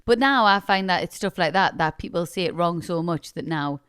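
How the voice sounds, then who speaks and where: A woman's voice: fairly low pitch, lively intonation, moderate pace, a bit bright, clear, resonant tone, no echo, studio quality. A British woman co-hosting a podcast, chatting and reading listener emails in a chatty, dramatic way. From Britain. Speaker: podcast co-host.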